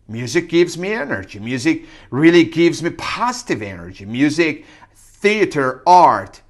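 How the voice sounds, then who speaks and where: A man teaching English, who repeats phrases loudly and whispers quick translations. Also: on the high side, big pitch swings. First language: Persian. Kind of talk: energetic language lesson with repetition drills.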